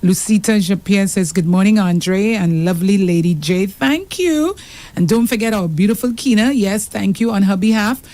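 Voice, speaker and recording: A woman's voice: medium pitch, fairly quick, few pauses, mellow. Saint Lucian woman reading listener messages. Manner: reads out messages aloud with frequent laughs. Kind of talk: casual radio chat.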